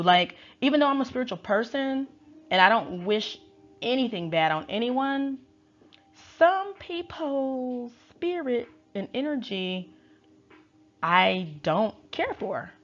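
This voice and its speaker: A woman's voice: fairly low pitch, fairly bright tone, muffled recording. A woman tarot reader giving opinionated casual commentary, emphatic and repeating her points for effect. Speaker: tarot reader and reality show recapper.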